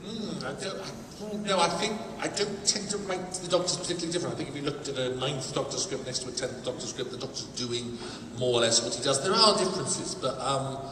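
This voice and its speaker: An animated man answers fan questions from a panel and laughs often, rising into loud bursts. He is picked up from a distance in a big reverberant hall. Steady background noise sits under his voice. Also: mid-range voice, fairly quick. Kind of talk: casual convention panel answers. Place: large convention hall with an audience. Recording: echoey hall, distant mic, crowd noise.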